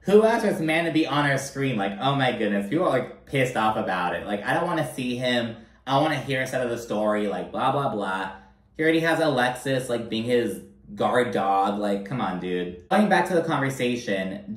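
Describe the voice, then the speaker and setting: A man recapping a reality TV episode in a blunt, animated, profane way. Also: fairly low pitch, normal speed. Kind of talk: casual commentary. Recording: roomy echo, mic held at a distance.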